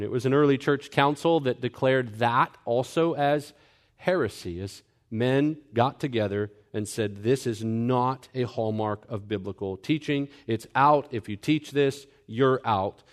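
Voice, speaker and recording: A man's voice: medium pitch, measured pace. A young-adult man pastor teaching a sermon earnestly, explaining scripture point by point. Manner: earnest, mimics people in quoted asides.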